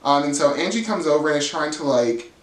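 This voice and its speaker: Animated gossipy man in an echoey room. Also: brisk. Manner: animated storytelling, jumps into high voices quoting the cast, laughs often; swears freely. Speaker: reality TV recap host. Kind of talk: casual gossipy recap.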